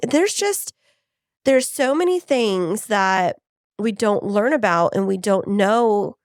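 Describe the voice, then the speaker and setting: A woman's voice: medium pitch, vocal fry, darkish tone, dry recording, studio quality. A woman co-hosting a podcast, telling personal stories in a candid, chatty way. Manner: candid, storytelling, many "like" fillers. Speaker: podcast co-host. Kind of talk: casual podcast conversation.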